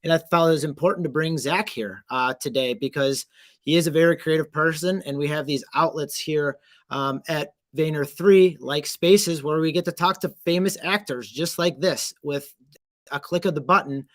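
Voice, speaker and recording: A man's voice: fairly high pitch, normal speed, dry recording. A man hosting a casual online chat, upbeat and effusive as he hypes his guests. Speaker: host.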